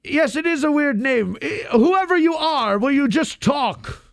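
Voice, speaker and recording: A man's voice: extremely high pitch, animated, measured pace, gravelly, dry recording, voice pushed up, full character voice. A man playing a grumpy, self-pitying Santa Claus in an improvised comedy podcast bit, blustering and laughing a lot. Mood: grumbling. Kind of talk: improvised comedy role-play.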